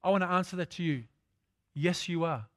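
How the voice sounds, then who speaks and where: A man's voice: sits high, a little fast, fairly bright tone, no echo, clean studio sound. A man preaching a sermon, repeating phrases for emphasis and calling out to his congregation.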